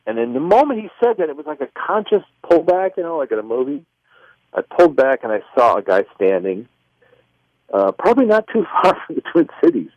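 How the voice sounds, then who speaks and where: A male author and filmmaker, a guest on a radio interview, telling a personal story with lively delivery and acting out both sides of remembered conversations. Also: mid-range voice, dry recording. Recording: muffled, lo-fi radio phone-in line.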